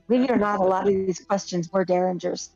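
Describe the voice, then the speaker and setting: A woman hosting a podcast, reading out listener questions in a brisk, casual way. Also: medium pitch, dull audio. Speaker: podcast host.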